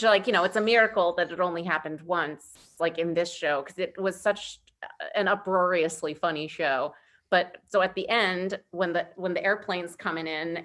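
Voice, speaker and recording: An animated woman recounts a funny onstage moment over a video call. She laughs her way through it in a mid-range voice. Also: medium pitch. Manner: animated, giggly storyteller. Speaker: cast member. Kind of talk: casual reminiscing on a video call.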